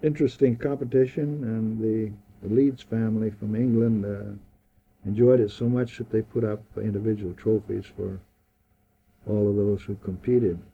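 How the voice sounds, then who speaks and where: An older man recounting past events in a measured, hesitant way. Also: fairly low pitch, little pitch movement, vocal fry, mellow, husky. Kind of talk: oral history recollection. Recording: tinny phone-like recording.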